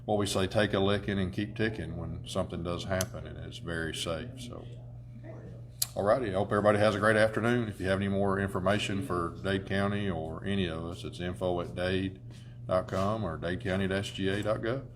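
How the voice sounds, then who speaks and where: A man's voice: low-pitched, fairly even intonation, fairly quick. A man, an emergency management director explaining things plainly and practically. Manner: matter-of-fact, practical explainer. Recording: noticeable room noise.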